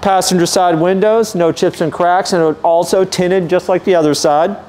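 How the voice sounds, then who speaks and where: With lots of "um" and "uh" fillers, a car dealer presenter casually and methodically walks his camera around a classic car that's for sale, in an easygoing manner. His high-pitched voice is steady and a little mellow at a moderate pace, with a little hiss or hum.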